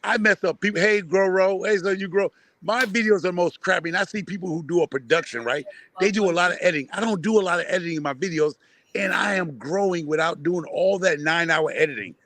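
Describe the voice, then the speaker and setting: A man, a panel guest who talks in animated bursts and repeats himself. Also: high-pitched, fast, a little hiss or hum. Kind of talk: casual panel chat.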